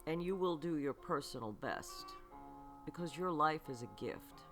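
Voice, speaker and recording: A woman delivers a spiritual self-help podcast monologue at an unhurried pace, with a bright voice that swoops up and down. She keeps asking the listener questions and checks in with an "okay", while faint music plays underneath. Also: low-pitched, lively intonation. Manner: slow and earnest, often checking in with "okay"; asks the listener repeated rhetorical questions. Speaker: podcast host and psychic reader.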